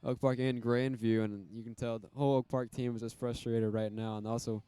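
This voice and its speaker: A man calling a high school football game, casual and rambling, with many fillers. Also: level tone, a little fast, warm tone, smooth, dry recording. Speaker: play-by-play commentator.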